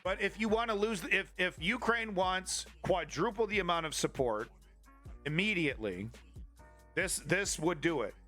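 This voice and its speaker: This Canadian streamer rants about politics live, his slightly high voice forceful and his pace moderate. Swearing freely and staying flippant, he keeps tripping over his words and starting sentences again, with faint background music.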